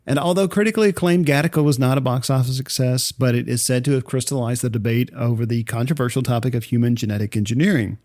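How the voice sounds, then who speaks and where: A man hosts a casual movie podcast in an even, mid-range voice. The sound is dry and close, and he laughs easily between stretches of reading film facts. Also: mid-range voice, no room sound. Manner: laughs often, reads film facts in a relaxed way. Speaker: podcast co-host.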